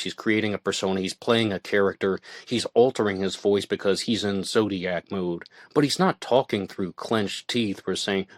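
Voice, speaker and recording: A man's voice: low-pitched, no echo, studio quality. A man hosting an online radio show, talking through true-crime commentary in a conversational way, with fillers and restarts. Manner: conversational, with fillers and self-corrections. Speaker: host.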